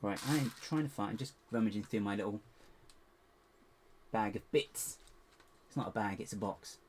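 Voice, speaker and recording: A man chatting to viewers in a casual building vlog, rambling to himself with playful squeaky exclamations. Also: normal speed, slight background noise. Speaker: LEGO builder and channel host.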